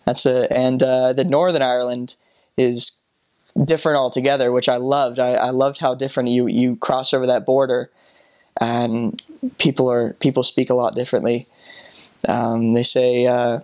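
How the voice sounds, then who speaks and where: A man in his twenties, a former missionary, talking casually and haltingly about his time abroad. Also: medium pitch. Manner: relaxed, halting, full of fillers. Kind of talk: casual storytelling.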